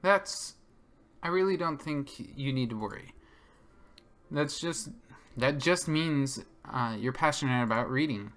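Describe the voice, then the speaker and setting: A man's voice: mid-range voice, unhurried, a bit bright. A man streaming a game, reading its narration and dialogue aloud in a casual, easygoing way.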